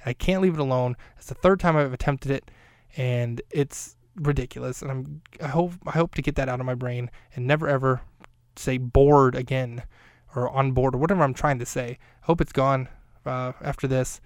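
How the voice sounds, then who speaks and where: A man's voice: medium pitch, normal speed, smooth, no echo, clean studio sound. A man hosting his own podcast, recapping an episode on his own in a casual, rambling way with self-deprecating jokes and asides. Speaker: podcast host.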